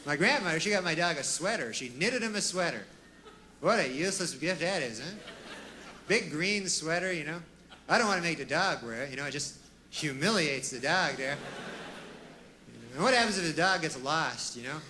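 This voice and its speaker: A man delivering a stand-up comedy monologue with a deadpan, rambling manner, tossing in asides and folksy fillers. His voice is bright and sits slightly high. A faint ambience is heard behind him. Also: moderate pace, a little hiss or hum. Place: comedy stage with a live audience.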